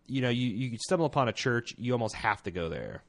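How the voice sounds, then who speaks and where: A man's voice: mid-range voice, lively intonation, fairly quick. A man co-hosting a podcast in casual chat, dry and sardonic, joking as he talks. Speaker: podcast co-host.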